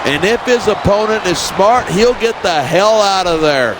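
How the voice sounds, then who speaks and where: Cocky wrestling game commentator, highish voice, roaring crowd and loud game noise. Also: male voice, animated, moderate pace. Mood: grumbling. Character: opinionated male ex-champion commentator, cocky. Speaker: color commentator.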